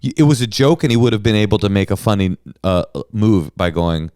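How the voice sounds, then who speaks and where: A man's voice: on the low side, a little fast, few pauses, smooth, dry recording, studio quality. A middle-aged man co-hosting a comedy podcast, telling stories animatedly and acting out the people he quotes. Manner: animated storyteller, acts out quotes. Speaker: podcast co-host. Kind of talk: casual comedic chat.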